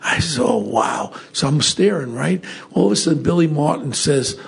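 Gravelly older New man. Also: on the high side, lively intonation, normal speed. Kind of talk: casual storytelling.

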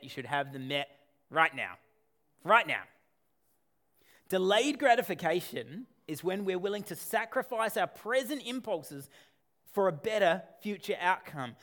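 A man delivers a sermon to his congregation. He preaches in a conversational, animated way, tossing in rhetorical questions and quick asides. His voice sits on the high side for a man and swings widely in pitch. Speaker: pastor.

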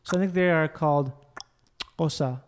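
Guy swearing a lot while telling travel stories, kinda high voice, animated. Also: moderate pace, slight background noise. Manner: storytelling, profane, animated. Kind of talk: casual chat.

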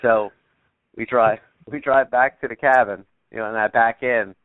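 A man's voice: medium pitch, fairly even intonation, normal speed, no echo. A man telling a story as a podcast guest, rambling, with many fillers and casual swearing. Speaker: podcast guest, bow hunter. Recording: tinny phone-like remote line.

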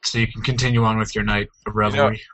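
A man co-hosting a casual podcast, playful and quick to laugh, redoing his intro lines. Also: on the low side, level tone, fairly bright tone, poor audio. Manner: laughs often, playful, recording intros with retakes. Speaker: podcast co-host. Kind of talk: casual chat.

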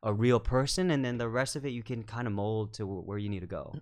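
Director guest on a chat podcast; low, resonant male voice, measured and thoughtful, full of "you know" fillers. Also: fairly even intonation. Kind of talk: casual podcast conversation.

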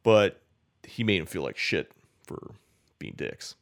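A man's voice: low voice, animated, slow pace. A man casually telling a long, rambling story, cursing often and filling his talk with "like". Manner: rambling, profane, many "like" fillers.

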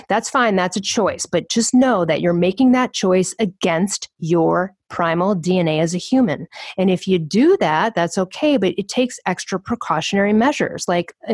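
A woman talking as an interview guest, emphatic and animated, acting out other people's lines as she goes. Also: lowish voice, dry recording, studio quality. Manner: emphatic, acts out quoted voices.

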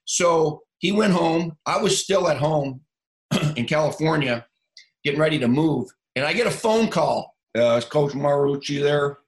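A man's voice: on the high side, expressive, measured pace. A man in his sixties, a former football coach, telling a story in a casual podcast chat and acting out both sides of a phone call.

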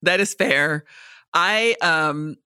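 Bright, frank woman podcast host. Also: low voice, very slow, smooth, no room sound, clean studio sound. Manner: frank and profane, reads listener emails aloud. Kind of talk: casual chat.

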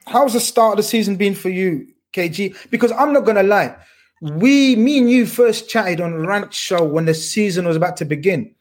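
This man hosts a casual football chat, and his voice sits high and a little husky. He talks in an animated, emphatic way, full of slang. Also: moderate pace. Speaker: podcast host.

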